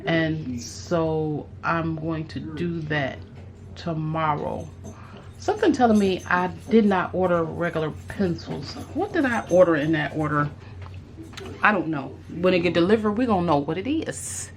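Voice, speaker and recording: Low-voiced woman musing slowly. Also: expressive, slight background noise. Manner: musing aloud, with fillers and restarts. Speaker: craft vlogger. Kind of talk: casual unboxing chat.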